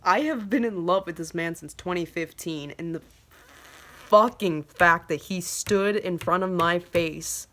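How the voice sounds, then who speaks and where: A woman in her twenties telling a casual storytime vlog, swearing constantly and talking excitably. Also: on the low side, unhurried. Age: 20s. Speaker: vlogger.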